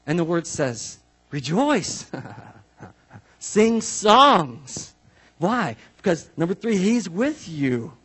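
A man preaching a sermon as pastor, animated and conversational, with many asides and repeated phrases. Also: fairly high pitch, slightly rough.

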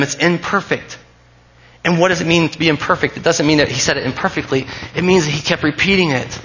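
Bright-voiced preaching man. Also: fairly high pitch, fairly even intonation, fast, muffled recording. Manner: earnest, emphatic, repeats key phrases. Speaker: pastor. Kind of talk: sermon.

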